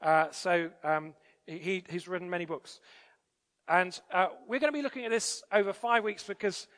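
A man's voice: high voice, moderate pace, fairly bright tone. A man preaching a sermon in a church, conversational with frequent fillers and restarts. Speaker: pastor. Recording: church hall reverb.

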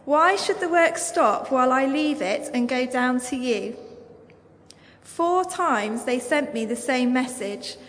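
High-voiced English woman reading scripture. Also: expressive, fairly bright tone. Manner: measured, formal reading. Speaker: Bible reader. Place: church. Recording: long church reverb.

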